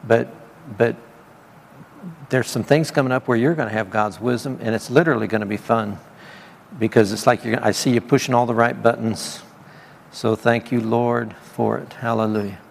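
Steady and medium-pitched at a moderate pace, this man's voice carries vocal fry amid slight background noise. He ministers informally in a charismatic church meeting, preaching and giving prophetic words conversationally with laughing asides and repeated praise, and the hall lends long reverb and faint ambience.

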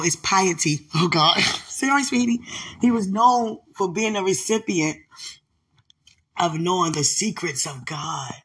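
A woman with a husky, breathy voice leading an emotional live prayer session. She speaks slowly and deliberately. She is tearful and sighs often, and she calls her listener sweetheart. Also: fairly low pitch, fairly bright tone. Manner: tearful, sighing, laughing through prayer. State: crying.

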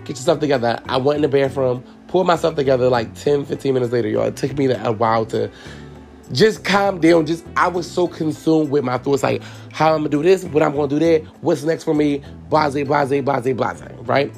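A young man with a gravelly, creaky voice who talks to his listeners as y'all. He tells a personal story frankly and emotionally, swearing freely and without any polish. Faint music plays underneath. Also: mid-range voice, brisk. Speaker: podcast host and hairstylist.

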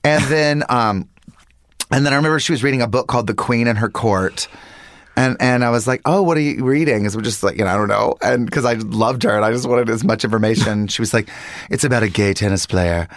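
A man chatting casually and telling animated stories, acting out the people he quotes. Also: medium pitch, a little fast, dry recording. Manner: animated storyteller, quoting others. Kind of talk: casual storytelling chat.

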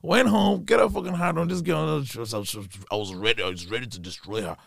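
A man's voice: a little high, fast talker, vocal fry, a bit bright, no echo. A man, a guest telling rambling, laughing stories in a casual chat. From Ireland. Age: 30s. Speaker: podcast guest.

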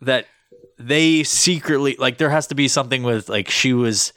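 Male podcast co-host, average pitch, foul-mouthed mocker, dry booth sound. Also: a bit bright, no room sound. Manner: profane, mocking, blurts quick asides. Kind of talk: casual movie review chat.

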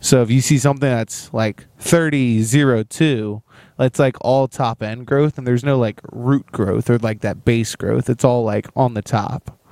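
A young man co-hosting a podcast, telling a work story in relaxed casual chat and laughing often. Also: medium pitch, measured pace, no echo. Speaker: podcast co-host.

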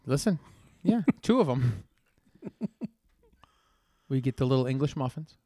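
A man's voice: mid-range voice, expressive, unhurried, dark tone, dry recording, studio quality. A man co-hosting a casual comedic debate, teasing and mock-formal as he argues his side.

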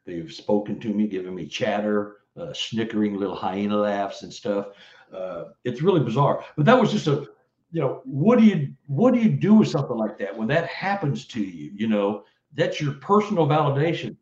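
A middle-aged man from Texas, telling a story as an interview guest, acting out quoted lines with big jumps in pitch and often repeating words. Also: animated, normal speed, a little mellow. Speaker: interview guest, field investigator. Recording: roomy, slightly dull audio.

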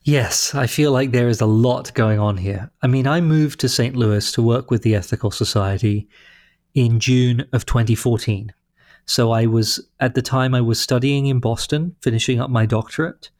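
English guy in his thirties, talks thoughtful and measured, dry close sound. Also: mid-range voice, a little mellow, no room sound. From London, England. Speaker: leader of a humanist congregation. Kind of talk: interview answers.

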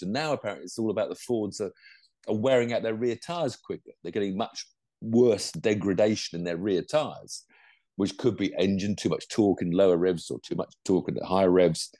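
An older man, co-hosting a motorsport roundup in animated, rambling casual chat. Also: low-pitched, fairly quick, dry recording, clean studio sound. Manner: animated, rambling, lots of restarts and laughs. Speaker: co-host of a motorsport show.

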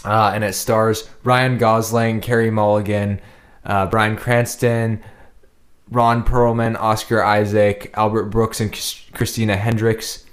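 A man's voice: lowish voice, flat delivery, measured pace. A man hosting a casual movie review podcast, talking loosely with fillers and restarts. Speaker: podcast host.

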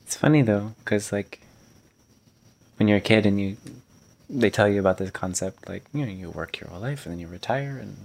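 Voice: low voice, a little fast, vocal fry, darkish tone. A host in casual chat, laid-back and dry, asking short teasing questions.

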